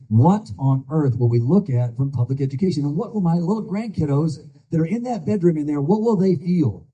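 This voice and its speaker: Older male candidate, folksy earnest stump speech, very dark husky tone, muffled lo-fi sound. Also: on the high side. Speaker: political candidate. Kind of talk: campaign speech.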